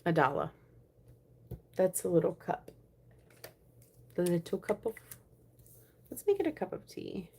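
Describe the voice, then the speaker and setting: A young woman vlogging a savings challenge, chatting casually and counting money aloud, often dropping to a soft murmur. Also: lowish voice, big pitch swings, measured pace, long pauses, noisy background. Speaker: budgeting vlogger.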